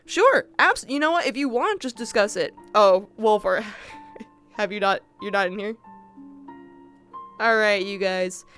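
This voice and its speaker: A woman's voice: medium pitch, animated, unhurried, long pauses, fairly bright tone, faint music behind. A woman livestreamer in casual chat with her viewers, swearing freely as she talks straight to chat. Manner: chatty, swears casually, addresses chat directly. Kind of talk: casual chat with viewers after a roleplay session.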